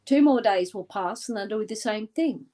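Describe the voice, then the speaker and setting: A woman's voice: medium pitch, animated, mellow. Intense woman from Australia guiding a scene. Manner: intense, deliberate, vivid storytelling. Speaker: guest. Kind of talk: guided visualization in an interview.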